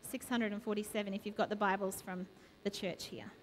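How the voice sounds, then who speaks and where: A woman's voice: medium pitch, fairly even intonation, a little fast, slight background noise. A woman preaching a sermon in a church, asking the congregation a string of repeated questions. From Australia. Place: church sanctuary. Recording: long reverb of a church hall.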